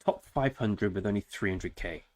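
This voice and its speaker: A man with a lowish voice, chatting loosely through a live game stream. He jokes around and talks straight to his viewers. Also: moderate pace. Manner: chatty, joking, talks to chat. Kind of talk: casual live-stream chat.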